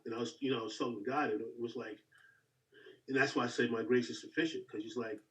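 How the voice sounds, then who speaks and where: A man's voice: mid-range voice, fairly even intonation, fast talker, distant mic, highs cut off. A man sharing a testimony in casual chat, emphatic and given to repeating words.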